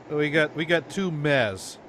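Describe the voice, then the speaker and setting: A man's voice: on the high side, fairly bright tone, a little hiss or hum. A man hosting a casual radio show, chatting about old records with a rambling manner, often repeating words and chuckling.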